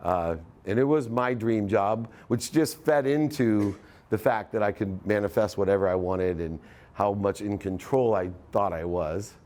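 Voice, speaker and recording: A man's voice: lowish voice, a little slow, a little mellow. A middle-aged man giving a live motivational talk, storytelling and acting out the voices in his story. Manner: storytelling, acts out quoted dialogue. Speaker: motivational speaker.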